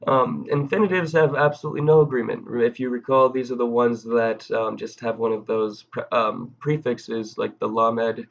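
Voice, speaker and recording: A man giving a recorded video grammar lesson in a casual, halting way, with frequent ums and self-corrections. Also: mid-range voice, steady tone, gravelly, dull audio. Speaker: grammar teacher.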